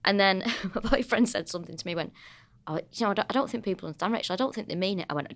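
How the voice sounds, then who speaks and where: A comedian woman with a Manchester accent, co-hosting a podcast and telling lively, sweary stories in casual chat. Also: medium pitch, very fast. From North of England. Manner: sweary, animated storytelling.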